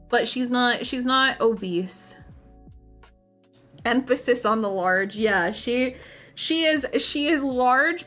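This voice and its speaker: A woman's voice: mid-range voice, fairly bright tone. A woman streamer chatting casually to her viewers while painting miniatures, rambling, giggling and often restarting her sentences.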